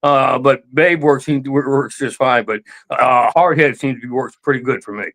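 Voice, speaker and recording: A man appearing as a guest on a talk show, easygoing and quick to laugh. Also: medium pitch, steady tone, a bit bright. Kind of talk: casual chat.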